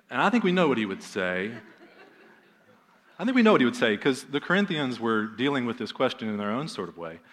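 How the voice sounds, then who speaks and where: A man's voice: lowish voice, a bit bright. A man in his thirties, a pastor, preaching a sermon in a conversational way with fillers and emphatic repetition.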